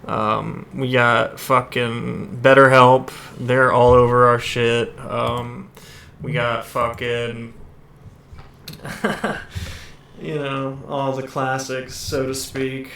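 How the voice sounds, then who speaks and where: A man hosting a podcast from home over a video call, joking deadpan and swearing a lot in casual chat. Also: mid-range voice, very slow, creaky, a little hiss or hum. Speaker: podcast host.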